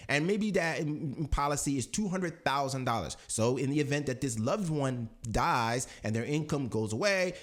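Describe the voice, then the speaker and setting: A young man giving a lively finance tutorial, punching key words and checking in with "okay?" and "right?". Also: mid-range voice. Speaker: personal finance YouTuber. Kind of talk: energetic explainer tutorial.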